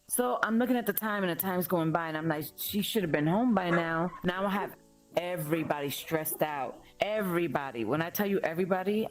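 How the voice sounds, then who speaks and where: A middle-aged woman, telling a family story in a blunt, animated way. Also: fairly low pitch. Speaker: mother of the streamer, guest. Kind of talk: casual storytelling chat.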